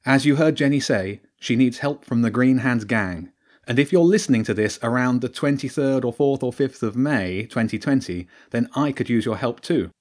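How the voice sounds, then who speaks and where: A man who wrote the story reads his children's adventure aloud, raising his voice sharply for the characters' shouts. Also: mid-range voice, normal speed. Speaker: author and storyteller.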